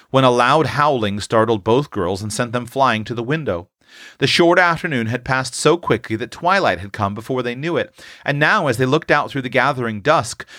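A male narrator reads an old-fashioned story with a lively, rising and falling delivery. His voice sits in a middle register and is recorded close, with no room sound around it. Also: mid-range voice, dry recording. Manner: lively reading that raises his voice for excited children's lines. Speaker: audiobook narrator. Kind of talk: unabridged storybook reading.

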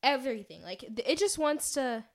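A young woman co-hosting a casual podcast chat, her voice sitting a little on the high side. She tells stories dramatically and fills them with "like". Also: normal speed. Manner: animated, dramatic retelling with lots of "like". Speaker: podcast co-host.

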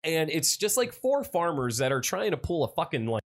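A man co-hosting a casual chat, recapping a film in a profane, rambling, animated way. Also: a little high, normal speed. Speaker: podcast co-host.

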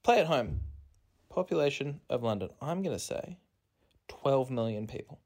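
A man's voice: lively intonation, normal speed, a little mellow. A man, hosting a podcast as a rambling comic monologue, self-mocking and meandering, recorded on a phone in a rented apartment. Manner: self-mocking, meandering, with sudden jumps in pitch. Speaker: podcast host.

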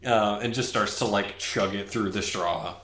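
A man narrating as game master, rambling with many fillers and jumping into high voices for characters. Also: fairly even intonation, measured pace, fairly bright tone. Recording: echoey room.

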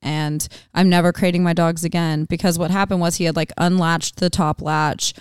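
A woman's voice: lowish voice, level tone, normal speed, smooth, no echo. A woman in casual podcast chat, telling a story with many "like"s, on a close mic.

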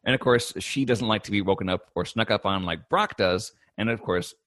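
A man casually recapping a cartoon episode for a podcast, telling it as a lively story, quoting characters and laughing often. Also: fairly low pitch, fairly quick, no echo, studio quality. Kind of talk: casual chat, animated recap.

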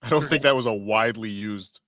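A man voicing a dry, formal male butler who answers with deadpan, sardonic remarks and calls the host sir. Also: lowish voice, brisk, no room sound, pitched below the performer's own voice, natural voice.

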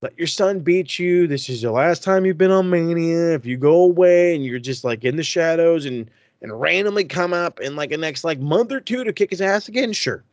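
A man's voice: on the high side, lively intonation, normal speed, no room sound. A man co-hosting a casual wrestling chat, talking in an emphatic, profane way. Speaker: podcast co-host.

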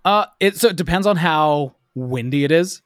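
A man's voice: fairly high pitch, moderate pace, a bit bright, dry recording, studio quality. A man who is the lead singer of a band, chatting as a podcast guest, rambling and jokey with many restarts. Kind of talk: casual chat.

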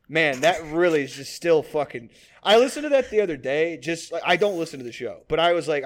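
Rambling, profane young man with a high voice. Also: animated, normal speed. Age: 20s. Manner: rambling, profane, many fillers. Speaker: podcast co-host. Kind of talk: casual podcast banter.

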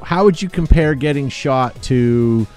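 A man's voice: medium pitch, a little slow, a little mellow, clear, resonant tone, soft background music. A man hosting a casual panel chat, talking loosely and reading viewer comments aloud. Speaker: podcast host.

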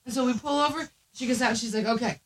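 A woman's voice: high voice, racing, rough recording. A woman with a Southern US accent telling a story on a casual podcast, acting out the people in it. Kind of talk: casual chat.

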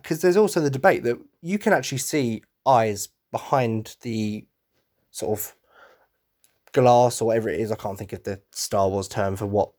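A man hosting his own podcast, talking casually and excitedly as a fan, acting out quotes and humming tunes. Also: on the low side. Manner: excitable, acts out quotes and hums music. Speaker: podcast host.

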